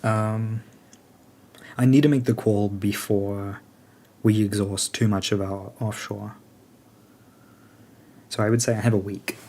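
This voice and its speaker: A man's voice: on the low side, warm tone, slight background noise. A man leading a game alliance, chatting casually and thinking aloud with lots of fillers as he answers questions.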